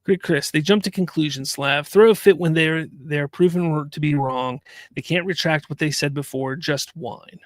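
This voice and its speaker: A man's voice: a little high, moderate pace, no echo, clean studio sound. A man hosting a live-stream talk show, ranting in casual commentary and reading viewer chat aloud. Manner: animated, ranting, repeats himself.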